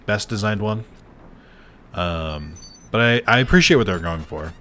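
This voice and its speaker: A man with a low voice streams a video game and talks through it in a loose, chatty way. He swears freely and answers his viewers as he plays. Faint noise hums under his voice. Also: lively intonation, a little fast, pauses often, fairly bright tone. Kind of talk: casual gameplay commentary.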